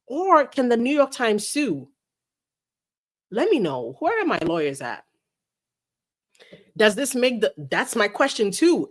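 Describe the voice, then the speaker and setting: A woman hosting a casual livestream, chatting about a lawsuit and reading viewer messages aloud in an animated way. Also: mid-range voice. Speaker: livestream host.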